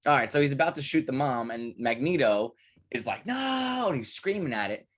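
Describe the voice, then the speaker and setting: A young man co-hosting a podcast, talking casually and rambling through profane, animated stories. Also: mid-range voice, brisk. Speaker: podcast co-host. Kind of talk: casual chat.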